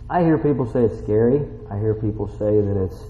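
A man preaching a sermon as a pastor, reading scripture and breaking into loud exclamations. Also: fairly low pitch, normal speed, gravelly. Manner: animated, swings between loud exclamations and quiet reading. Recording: echoey hall with long reverb, dull sound.

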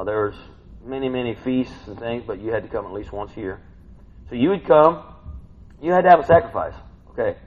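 A man preaching a sermon, swinging between hushed reading and loud excited outbursts. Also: medium pitch. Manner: animated, swings from hushed to shouting. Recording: dull lo-fi recording.

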